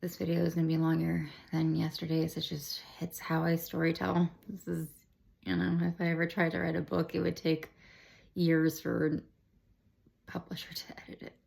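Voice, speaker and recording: Young woman with heavy vocal fry. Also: low voice, completely flat delivery, moderate pace, a little mellow. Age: 20s. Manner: rambling, emotional, full of "like" and restarts. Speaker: vlogger sharing her cancer diagnosis. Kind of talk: candid personal storytelling to camera.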